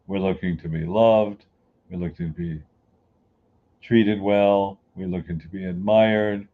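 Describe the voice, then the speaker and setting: A man's voice: sits low, steady tone, unhurried, phone-quality sound. A man giving a folksy, emphatic motivational talk who grew up on the US East Coast. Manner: folksy, emphatic, acts out everyday people. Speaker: inspirational speaker.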